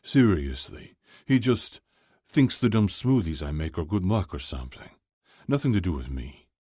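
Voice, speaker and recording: A man's voice: sits low, very animated, moderate pace, mellow, breathy edge, no echo, studio quality, voice pushed up, full character voice. A man voicing a modest young man who brushes things off with wry self-mockery.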